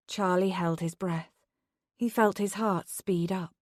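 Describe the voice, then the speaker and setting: A woman narrating a psychological thriller audiobook in a measured, steady voice. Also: fairly low pitch, dry recording, studio quality. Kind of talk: scripted narration.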